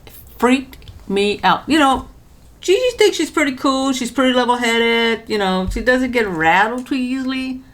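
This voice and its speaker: An older woman vlogger telling a story in a casual way from her home studio, jumping high in pitch when she quotes others. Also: normal speed. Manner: lively, jumps high when quoting others.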